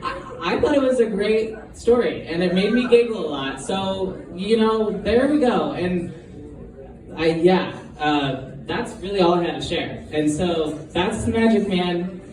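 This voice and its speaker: A man's voice: high voice, animated, measured pace, a crowd in the background. Rambling man telling a joke onstage. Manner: hesitant, rambling, with frequent ums and giggles. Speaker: amateur stand-up comedian. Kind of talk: first-time stand-up storytelling. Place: live comedy show venue. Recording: echoey room from far off, noisy.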